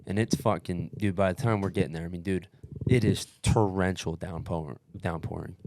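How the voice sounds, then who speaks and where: A young man telling a long story in casual podcast chat, animated, swearing constantly and calling everyone "dude". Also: low-pitched, moderate pace, a little hiss or hum. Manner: profane, animated, says "dude" often. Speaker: podcast guest recounting an ultramarathon.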